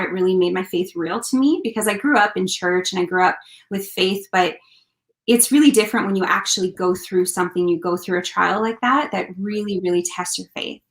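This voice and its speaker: A woman, a country singer, recounts her experience in an earnest, heartfelt way. Her speech is loose and conversational, with frequent ums and uhs as she talks, and her pitch sits in a middle range. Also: fairly bright tone. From Canada. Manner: earnest, heartfelt, many fillers. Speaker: country singer, interview guest. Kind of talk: casual interview storytelling.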